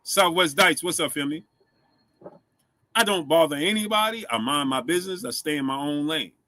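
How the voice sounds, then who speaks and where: Bright-voiced man hosting a casual live stream. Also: fairly high pitch, lively intonation, normal speed. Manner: shouts out viewers, asks for likes; stumbles over words, repeats himself.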